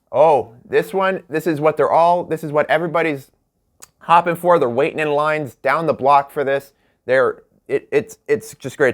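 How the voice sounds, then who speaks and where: Joking late-night host, a man. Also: on the high side. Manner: jokey, laughs at his own bits, stretches words for emphasis. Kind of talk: comedic late-night talk show hosting.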